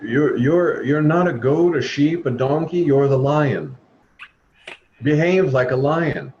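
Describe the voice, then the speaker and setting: A man's voice: on the high side, takes it slowly, darkish tone. A man leading a spiritual talk over a video call, speaking earnestly and exhorting his listeners. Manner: earnest, exhorting, acts out quoted voices. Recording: dull lo-fi video call audio with faint noise.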